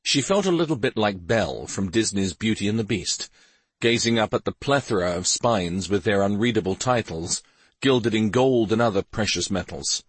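A man narrating a fantasy novel as an audiobook in an expressive, measured storytelling manner. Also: lowish voice, slightly rough, no echo.

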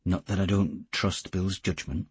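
Man reading burly gruff commando, curt low orders, deep husky voice, dry sound. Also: steady tone, a little slow, dry recording, heavily acted.

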